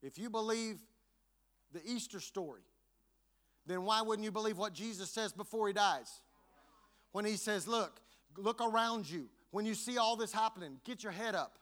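High, bright-voiced preacher man. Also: moderate pace. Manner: preaching with rising fervor and repetition. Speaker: pastor. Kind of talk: sermon.

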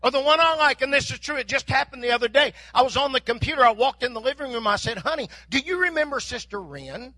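A man's voice: very high-pitched, fairly even intonation, quick pace, few pauses, pushed and bright, no echo. An older man preaching a sermon, telling folksy stories and acting out bits of dialogue. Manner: folksy storytelling with mock dialogue. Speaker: pastor.

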